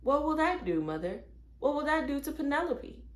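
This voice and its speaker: A woman's voice: sits high, expressive, fairly quick, voice pushed up. A woman voicing an eager, curious young girl in a read-aloud storybook, asking question after question. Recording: roomy echo.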